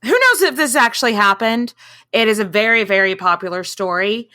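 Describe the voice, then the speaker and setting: Bright, chatty woman podcast co-host. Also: medium pitch, lively intonation. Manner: chatty, irreverent, quick asides. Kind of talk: casual history podcast chat.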